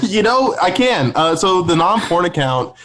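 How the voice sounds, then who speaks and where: Brief: loose, giggly male co-host, lively higher voice. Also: measured pace, soft background music. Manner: laughs through his words, loose and rambling. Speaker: podcast co-host. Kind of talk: casual comedy podcast chat.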